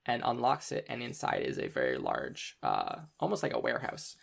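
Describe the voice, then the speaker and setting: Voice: mid-range voice, huge pitch swings, normal speed, creaky, a bit bright. A game master narrating a tabletop game, meandering with many ums and restarts.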